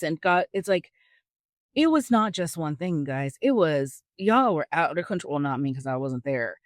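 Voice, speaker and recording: A woman hosting a podcast, teaching a Bible story in a chatty, animated way with joking asides to her listeners. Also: fairly low pitch, no room sound, studio quality. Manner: chatty and animated, acts out quotes with big voice swings. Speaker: podcast host.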